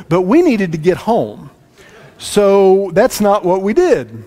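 A man preaching a sermon as pastor, telling a family story with lively shifts between loud lines and quiet asides. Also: sits high, takes it slowly. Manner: animated, swings from loud to hushed asides. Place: church sanctuary. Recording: long reverb in a large room.

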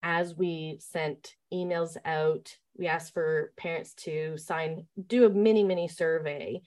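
A woman who leads staff at a summer camp, telling stories in a relaxed interview and talking with many fillers and restarts. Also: deep voice, slow. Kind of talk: conversational interview storytelling.

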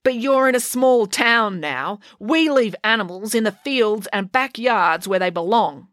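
A woman's voice: fairly high pitch, animated, measured pace, a bit bright, no room sound, clean studio sound, voice pushed up. A woman voicing a hostile older female school secretary who scolds indignantly.

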